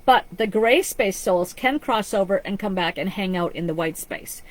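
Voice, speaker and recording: A woman's voice: medium pitch, lively intonation, normal speed, rough recording. A woman psychic medium giving a live-streamed reading, talking in an earnest, rambling way with frequent restarts. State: choked up with emotion.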